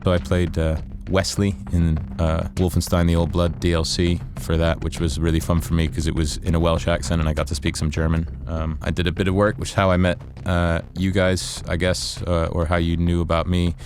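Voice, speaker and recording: A man's voice: deep voice, level tone, a little fast, hardly any pauses, over music. A man raised in the USA and Ireland, a voice actor talking casually in an interview, chatty with lots of fillers. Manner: chatty, many fillers, laughs easily. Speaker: voice actor guest.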